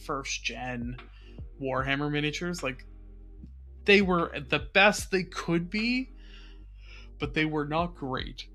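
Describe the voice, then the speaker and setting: A man with a bright, forward voice muses his way through a casual hobby podcast. He rambles thoughtfully and fills his pauses, with faint music behind him. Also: a little high. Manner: thoughtful, rambling, many fillers. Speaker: podcast co-host.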